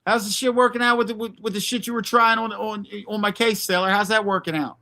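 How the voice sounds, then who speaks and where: Brash male streamer, bright edgy tone, a bit high, profane and combative while calling out rivals. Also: fairly even intonation, fast talker. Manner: brash, profane, confrontational, answers chat by name. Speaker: livestream host. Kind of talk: ranting livestream commentary.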